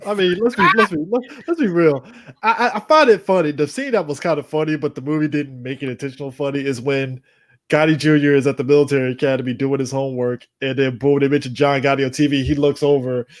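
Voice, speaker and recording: A man's voice: fairly high pitch, fast talker. A man hosting a podcast, rambling and laughing as he retells movie scenes. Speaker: podcast host. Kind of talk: casual chat.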